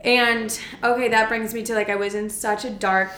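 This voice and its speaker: A young woman candidly chatting as a podcast co-host, telling a personal story in an animated, rambling way full of "like". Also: a little high, normal speed, crowd noise. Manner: chatty, frequent "like", animated retelling. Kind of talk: candid casual chat. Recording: echoey room.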